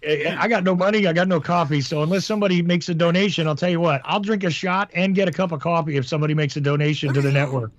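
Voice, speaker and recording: A man with a fairly high voice cracks jokes and rambles through a casual call-in chat from his house. His voice is dry and close, with no room around it, and comes over a dull, lo-fi remote line. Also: steady tone, fast, few pauses, no room sound. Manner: joking, rambling, teasing. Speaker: co-host, timekeeper. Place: home.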